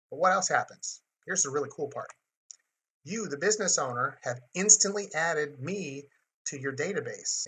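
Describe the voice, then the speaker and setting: A man teaching a marketing webinar in a bright, forward tone with a husky edge. He talks in a chatty, conversational way and likes to act out short scenes for his listeners. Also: a little high. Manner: chatty, acts out dialogue. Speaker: webinar host.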